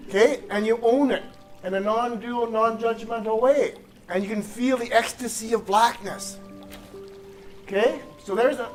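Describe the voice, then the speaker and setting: A man, a spiritual teacher, giving a casual, rambling workshop talk to a live audience. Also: very high voice. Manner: casual, rambling, with fillers and sudden shouted exercises.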